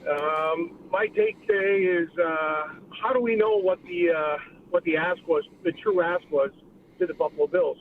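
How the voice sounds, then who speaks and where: A man calling in to a sports radio show, giving his take haltingly with many fillers. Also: a little high. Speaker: caller. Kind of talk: call-in radio comment. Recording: tinny phone line with faint hiss.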